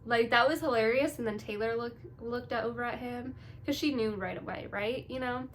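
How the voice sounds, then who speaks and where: A woman's voice: a little high, moderate pace, fairly bright tone, slight background noise. A young woman vlogging her reactions to a TV episode in casual, bubbly, gushing chat. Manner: gushing, bubbly, full of "like" and "you guys".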